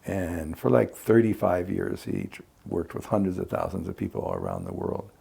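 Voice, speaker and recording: A man's voice: deep voice, wildly swooping pitch, moderate pace, gravelly, warm tone, slightly rough. A man who works as a conflict mediator, explaining his method reflectively in a casual podcast conversation. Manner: reflective, explains with acted examples.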